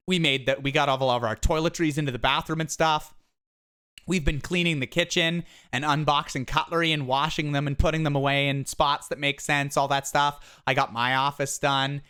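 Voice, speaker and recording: A streamer with a smooth, resonant voice, talking in a casual live-stream manner. The delivery rambles, full of restarts and animated little asides. The talk comes from a home office setup. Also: medium pitch.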